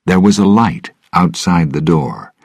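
A man reads a story aloud in a measured, even way. His voice is extremely deep, slow and husky. The sound is close and dry, with no room around it. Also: dry recording. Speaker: narrator. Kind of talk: storybook reading.

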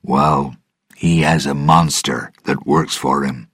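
Man playing a serious old pirate, very deep voice, slow, grave, husky. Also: fairly even intonation, fairly bright tone, dry recording, clean studio sound, exaggerated voice. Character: older male pirate, fearful and serious.

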